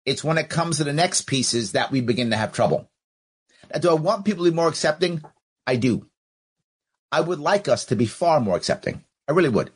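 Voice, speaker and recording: Man, podcast host, husky voice, animated swings in pitch, rhetorical questions, plays both sides of an argument. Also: brisk. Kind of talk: live podcast commentary reading listener comments.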